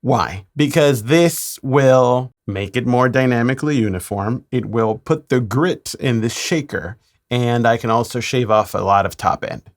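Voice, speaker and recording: A man, a mix engineer, talking through a mixing tutorial in a relaxed way with playful asides. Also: mid-range voice, a little slow.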